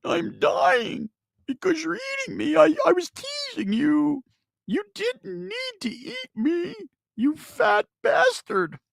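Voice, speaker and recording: A man's voice: extremely high pitch, huge pitch swings, slow, vocal fry, dry recording, voice pushed up, full character voice. A man voicing a whiny talking leftover burrito that pleads to be eaten. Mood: dramatic. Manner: pleading, guilt-tripping, dramatic.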